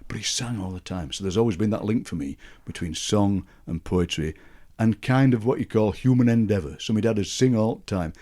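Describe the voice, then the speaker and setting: A Barnsley man in his sixties, a guest poet from Yorkshire, England, chuckles through chatty anecdotes in a conversational storytelling style. His fairly low, warm voice runs a little fast, with hardly any pauses.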